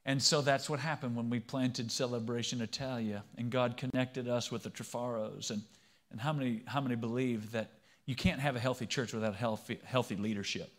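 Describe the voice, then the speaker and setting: A man's voice: mid-range voice, fairly even intonation, brisk. A man in his fifties, a pastor giving a sermon in a conversational way and often asking the congregation questions.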